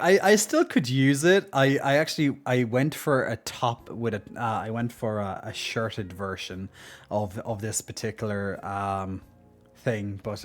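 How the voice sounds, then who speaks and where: A man streaming live and chatting casually, joking a lot, laughing often and restarting his sentences. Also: medium pitch.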